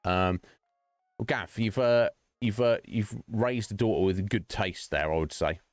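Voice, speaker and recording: A man's voice: fairly low pitch, measured pace, no room sound, clean studio sound, faint music behind. A man streaming and chatting casually with his viewers, rambling, joking and laughing often.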